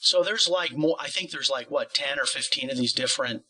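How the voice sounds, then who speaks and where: A man interviewing a guest about a singing course, with a bright, forward tone. He talks at length in a loose conversational way, stacking up examples and qualifiers. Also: medium pitch, fairly quick, poor audio. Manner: explains at length with many qualifiers.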